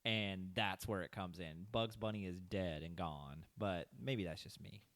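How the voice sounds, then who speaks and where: A young man with a lowish voice talks through a film's plot in a relaxed podcast chat. He wanders into asides and swears offhandedly. The sound is dry and close, with no room around it. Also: unhurried, dry recording. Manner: rambling, recaps plot at length, swears casually. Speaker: podcast host. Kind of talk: casual movie-review chat.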